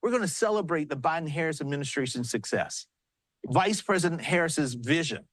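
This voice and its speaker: Southern man as party chair on a remote news hit: high-pitched, dry close mic, earnest storytelling that builds to rousing remarks. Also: lively intonation, fairly quick, a bit bright, no room sound. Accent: South Carolina. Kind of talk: live remarks on news broadcast. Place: large arena with commotion.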